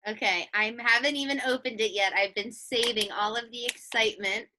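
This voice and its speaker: A woman's voice: a little high, fairly even intonation, a little fast, background noise. A woman hosting a kids' interview, cheerful and encouraging like a teacher. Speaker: host, teacher.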